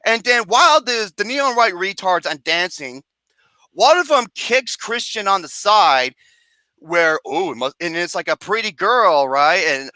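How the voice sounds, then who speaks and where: A movie review host goes on an animated, sarcastic rant about a film, cursing and laughing throughout for comic effect. The voice is medium-pitched and the pace measured. No room sound is present.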